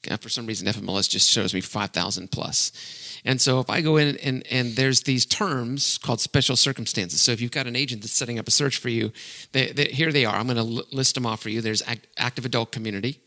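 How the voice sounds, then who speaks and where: Upbeat, bright-voiced male podcast host. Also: medium pitch, quick pace, few pauses. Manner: upbeat, laughs often, rambling with fillers. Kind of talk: casual podcast chat.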